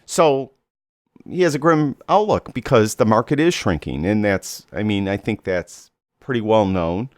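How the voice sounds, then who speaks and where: A man hosting his own podcast, talking in a relaxed, conversational way with fillers and self-corrections. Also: lowish voice, measured pace, no echo, clean studio sound. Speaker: podcast host. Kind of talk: casual solo podcast talk.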